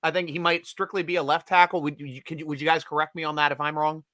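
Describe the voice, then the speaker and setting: A man hosting a live fan show, chatting excitedly and tripping over his words as he rambles on. His voice sits a little high and rings very bright. The sound is close and dry. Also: fast, no room sound. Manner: excitable, rambling, frequent restarts. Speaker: live stream host. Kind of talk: excited casual fan commentary.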